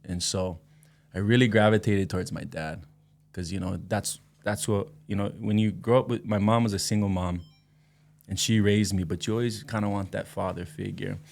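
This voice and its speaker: Gravelly-voiced man in his thirties. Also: lowish voice, normal speed. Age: 30s. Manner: relaxed, reflective, slangy. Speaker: musician guest. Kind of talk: casual interview chat.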